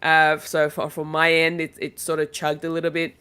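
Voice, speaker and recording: A woman's voice: low-pitched, monotone, moderate pace, bright, forceful tone, clear, resonant tone. A woman co-hosting a gaming podcast in casual chat, congested from a cold and rambling with many fillers. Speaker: podcast co-host.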